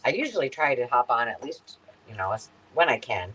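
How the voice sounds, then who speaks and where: A woman's voice: very deep voice, fairly quick, husky, rough recording. A woman hosting a live craft sale stream, chatting casually with viewers. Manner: animated, talks to viewers with fillers. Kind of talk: casual chat.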